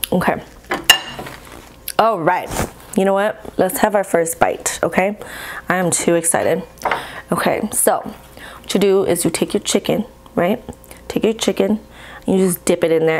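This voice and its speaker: A woman chatting casually to her viewers while she cooks, bubbly and excitable, recorded on a camera mic in a home kitchen. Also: fairly low pitch, measured pace, vocal fry, long pauses, poor audio. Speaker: mukbang vlogger. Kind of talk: casual vlog chat while cooking.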